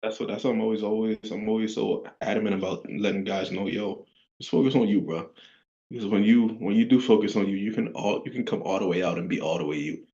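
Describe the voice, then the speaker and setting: A man's voice: lowish voice, fairly even intonation, fast talker, warm tone, highs cut off. A man co-hosting a podcast in casual chat, earnest and repeating words as he starts. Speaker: podcast co-host.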